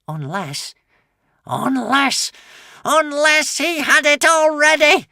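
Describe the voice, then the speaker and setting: A man's voice: very animated, measured pace, sharp tone, no room sound, clean studio sound, full character voice. A man reading an audiobook voicing a vicious old female witch who hisses and shrieks. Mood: hissing. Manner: hissing, shrill and frantic.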